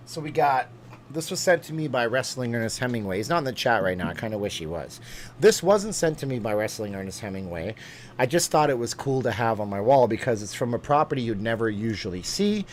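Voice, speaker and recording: There's a little hiss or hum behind this man's low voice as he hosts a laid-back live-stream chat. He wanders from topic to topic, chatty and full of quick asides and laughs.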